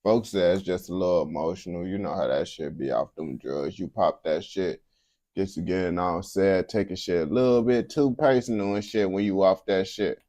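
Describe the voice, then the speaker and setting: A man's voice: low voice, moderate pace, mellow, no room sound. A man streaming casual reaction commentary, blunt and heavy on slang.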